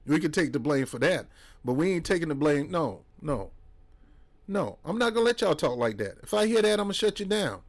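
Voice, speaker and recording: A man's voice: on the high side, very animated, brisk. A man gives a fiery political monologue. He preaches hard, scolds his listeners, and mocks others by slipping into put-on voices. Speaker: commentator.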